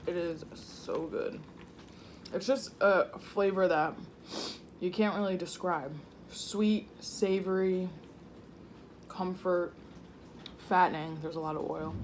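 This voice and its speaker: Woman, low-ish voice, casual eating chat, slangy, at home, faint storm behind. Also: slight background noise. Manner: chatty, slangy, talks between bites. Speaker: mukbang vlogger. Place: home room indoors. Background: faint thunderstorm.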